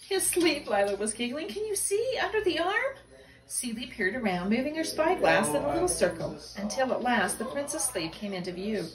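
A woman reading a novel aloud with lively expression. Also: a little high, echoey room, low-quality recording.

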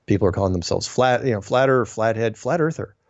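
A man hosting a solo show, reading listener emails and answering them in a wry, digressive way with puns and quick self-corrections. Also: on the low side, lively intonation, dry recording, lo-fi sound. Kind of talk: casual solo commentary.

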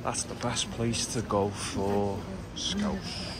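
A man's voice: mid-range voice, very animated, slow. Scouse guy walking round town talking to his camera, blunt and chatty, pretty ordinary voice, lots of street noise. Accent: Liverpool. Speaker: vlogger. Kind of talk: walking tour commentary. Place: outdoors on city streets. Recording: street traffic noise behind.

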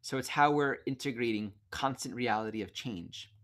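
Man, calm teaching voice, mid pitch, reflective and unhurried; video call audio. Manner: gentle, reflective, reads quotes aloud with self-corrections. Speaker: astrology teacher. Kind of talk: online lecture over video call.

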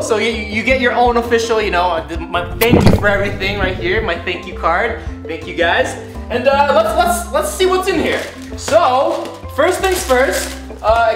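An excited man hosting an unboxing vlog from his bathtub, shouting and giggling a lot. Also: extremely high pitch. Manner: hyper, shouty, giggly, lots of slang. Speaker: vlogger host. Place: in a bathtub at home. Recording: echoey bathroom with background music.

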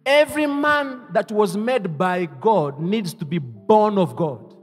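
A male pastor with a high, very lively voice preaches in call-and-response style and swings from near-whispers to loud exclamations. His voice rings out through a reverberant church hall over faint instrumental music. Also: slow. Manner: call-and-response preaching, leading the congregation to repeat lines; swings between hushed asides and loud exclamations. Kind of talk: sermon.

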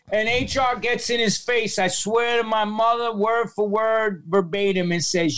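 High-voiced, animated New York storyteller. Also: male voice, normal speed, hardly any pauses. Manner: profane, animated storyteller acting out quoted voices. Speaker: guest. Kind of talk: storytelling in a podcast interview.

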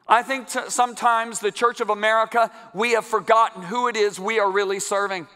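A man preaching a sermon to a congregation in a large church, emphatic and building to loud climaxes. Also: high voice, level tone, fairly quick, few pauses, clean tone. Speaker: guest preacher. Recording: long church hall reverb.

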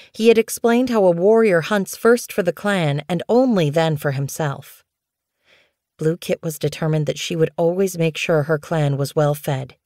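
A woman with a low voice reads a storybook aloud in an even, clear way. The sound is close and very dry, as in a studio booth. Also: dry recording. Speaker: audiobook narrator. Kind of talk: scripted storybook narration.

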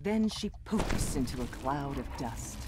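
A woman's voice: extremely low pitch, lively intonation, a little slow, very noisy. A woman giving scripted, storybook-like narration for a video game. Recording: game audio with loud music.

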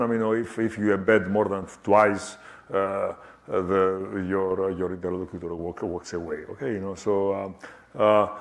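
An older man lectures in a slightly low voice. He stops and restarts often, fills pauses with "uh", and keeps asking his listeners "okay?". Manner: halting, many fillers and restarts, checks understanding with "okay?". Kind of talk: academic talk. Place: lecture hall.

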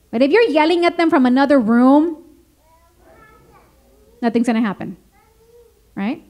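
A woman with a high voice presents a parenting workshop in a school meeting room. She keeps the audience involved with questions and drops into her English. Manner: lively, engaging, asks the audience questions.

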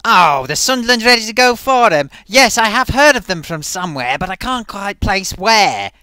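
A man's voice: high-pitched, very animated, moderate pace, clean tone, no room sound, full character voice. Man putting on a gushing theatrical luvvie. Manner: showers everyone with "dear boy" and "darling"; loud, sing-song repetition of the host's name.

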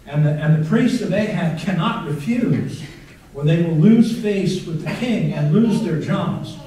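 A man with a high voice preaches in a church, reading scripture with dramatic weight and stretching out the quoted lines. His voice rings through a very echoey sanctuary. He is picked up by a microphone some distance away. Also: lively intonation, a little slow, dark tone. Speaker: pastor. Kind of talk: sermon reading scripture aloud.

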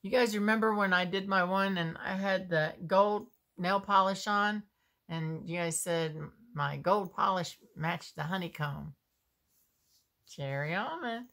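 A woman's voice: mid-range voice, creaky, fairly bright tone. A woman, chatting casually as she unboxes homemade soap and muses aloud. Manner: slow, chatty, musing aloud.

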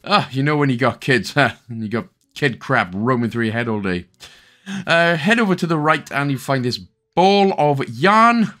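A man's voice: medium pitch, expressive, moderate pace, sharp tone, faint music behind. Chatty Welsh man guiding a game. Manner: chatty, joking asides, many fillers. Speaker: game guide host. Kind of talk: casual gameplay commentary.

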